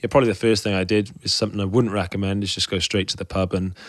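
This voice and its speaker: Frank low-voiced man. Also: level tone, racing, dry recording, studio quality. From Wales. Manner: frank and openly emotional, rambling with restarts. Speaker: guest, professional cyclist. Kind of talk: candid podcast interview.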